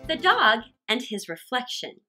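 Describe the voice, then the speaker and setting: A woman reading storybook fables to children in a high, lively voice. She takes her time, with a bright, clear tone, over faint music. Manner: animated and expressive, slow and clear. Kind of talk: children's read-aloud narration.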